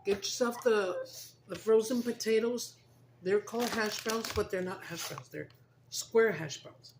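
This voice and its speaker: A woman's voice: medium pitch, moderate pace. An older woman talks casually at home while eating on camera. She switches freely between English and Spanish and keeps breaking off to coax her pets over. A faint background noise sits under her voice. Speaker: mukbang vlogger.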